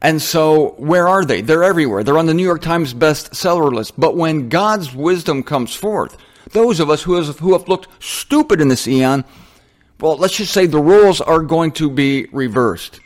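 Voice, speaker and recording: A middle-aged man giving informal Bible teaching, animated and self-mocking, often wandering off on tangents. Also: fairly high pitch, normal speed.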